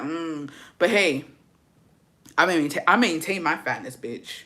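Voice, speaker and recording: A woman's voice: on the low side, expressive, moderate pace, a bit bright. Profane gossipy woman vlogger. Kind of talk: casual storytime chat.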